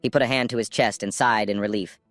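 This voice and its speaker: A man narrating a manhwa recap in a steady, scripted storytelling manner. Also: on the low side, fast talker, no echo. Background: faint music.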